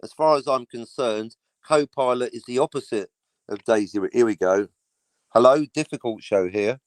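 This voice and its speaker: A man's voice: mid-range voice, normal speed, no echo, low-quality recording. A middle-aged man, hosting a livestream and ranting sarcastically, swearing freely. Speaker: livestream host. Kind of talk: casual livestream chat.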